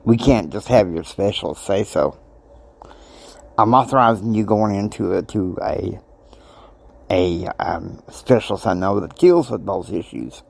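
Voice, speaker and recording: A man voicing a calm, firm male doctor while he tells his story, a bit lower than his own voice. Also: a little slow, vocal fry, heavily acted.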